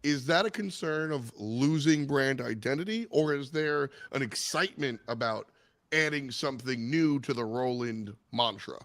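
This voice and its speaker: Chatty male webinar host with gravel. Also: mid-range voice, normal speed, a bit bright. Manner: chatty, self-deprecating, asks long questions. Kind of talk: webinar panel moderation. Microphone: video call.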